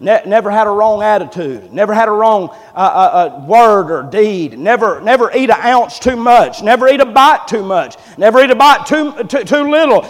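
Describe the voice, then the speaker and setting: A man's voice: sits high, lively intonation, moderate pace, hardly any pauses, long reverb tail. A man preaching a sermon, emphatic and repetitive, calling for amens from the congregation. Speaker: pastor.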